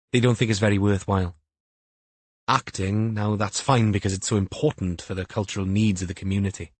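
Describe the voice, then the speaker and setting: A man voicing an odd, guarded young woman influencer in an audiobook, with flat, sarcastic delivery. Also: lowish voice, dry recording, natural voice. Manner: flat sing-song sarcasm.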